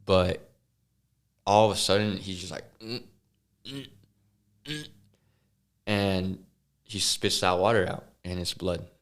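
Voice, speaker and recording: A man as a podcast guest, earnestly telling a personal story with halting restarts and sighs. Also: deep voice, level tone. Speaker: interview guest.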